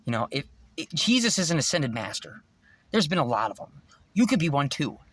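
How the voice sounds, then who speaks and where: A man's voice: a little high, big pitch swings, a little fast, sharp tone, no room sound. A man vlogging in a rambling, preachy spiritual monologue, intense and swearing freely.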